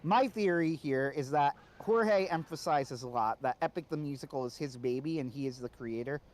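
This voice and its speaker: A man's voice: on the high side, moderate pace. A man co-hosting a casual podcast discussion, talking conversationally and often checking in with "right?". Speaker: co-host.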